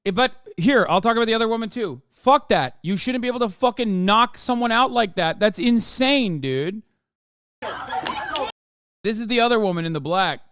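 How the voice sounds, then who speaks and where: A man in his thirties runs a live stream, reacting to a video and unloading heated, profane rants on his chat, whom he talks to directly. His high voice is expressive at a moderate pace, with noise in the background.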